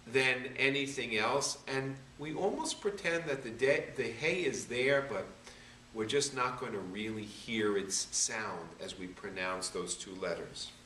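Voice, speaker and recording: A rabbi patiently sounding out syllables one by one in a slow reading lesson. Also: male voice, mid-range voice, pushed and bright, slight background noise. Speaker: rabbi teaching Hebrew reading. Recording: echoey room, voice a bit far from the mic.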